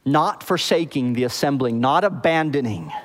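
A pastor preaching a sermon, explaining the meaning of words and often checking with the congregation whether it makes sense. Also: male voice, medium pitch, animated, moderate pace, big-room sound. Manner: explains word meanings, asks the congregation "okay?" and "does that make sense?".

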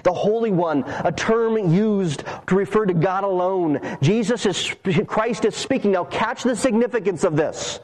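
High-voiced man preaching a sermon. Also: darkish tone, poor audio. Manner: earnest preaching, emphatic with long pauses. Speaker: pastor.

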